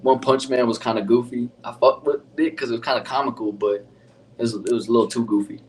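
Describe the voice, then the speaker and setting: A man with a middle-pitched voice talks in a relaxed, slangy way, cursing often. He sits a little off the mic, and a faint hiss runs underneath. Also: quick pace, far from the mic, low-quality recording. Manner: laid-back, heavy swearing, slangy. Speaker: podcast host. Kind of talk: casual chat.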